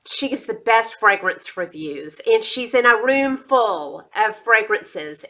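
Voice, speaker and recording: A woman's voice: medium pitch, pushed and bright. A middle-aged woman, chatting casually about her monthly favorites with enthusiastic asides. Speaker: beauty and lifestyle vlogger.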